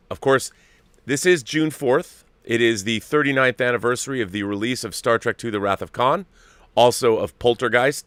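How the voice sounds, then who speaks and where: A man's voice: medium pitch, fairly bright tone, no echo. A middle-aged man hosting a live show, chatting in a rambling, self-interrupting way. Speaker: host. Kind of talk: casual live show chat.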